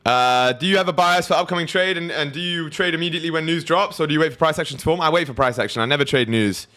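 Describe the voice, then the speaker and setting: A man's voice: on the high side, quick pace, pushed and bright. A young man hosting a trading livestream, talking loosely and crudely while reading out viewers' messages. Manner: loose, crude, reads chat aloud. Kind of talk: casual livestream chat.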